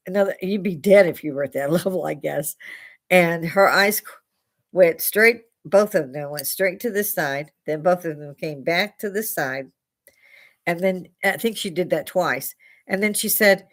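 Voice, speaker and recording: Older woman, livestream host, low-ish voice, tipsy, rambling, swears and laughs a lot. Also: normal speed. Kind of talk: casual livestream storytelling. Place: at a bar.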